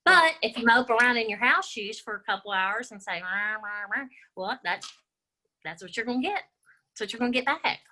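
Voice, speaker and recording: Bright-voiced, upbeat woman guest. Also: a little high, brisk, poor audio. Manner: upbeat, encouraging, animated storytelling. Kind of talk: casual conversation.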